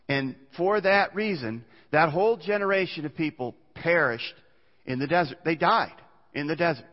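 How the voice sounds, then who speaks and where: Man preaching in a reverberant church. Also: a little high. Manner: earnest preaching, reads scripture aloud, small restarts. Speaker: pastor. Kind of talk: sermon. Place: church sanctuary. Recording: muffled church recording with long reverb.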